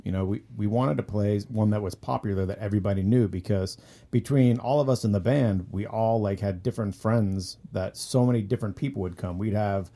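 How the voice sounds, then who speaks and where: Male musician guest, dark gravelly voice, rambling anecdotal delivery. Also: on the low side, a little fast. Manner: rambling anecdotes with many fillers and restarts. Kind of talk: casual storytelling interview.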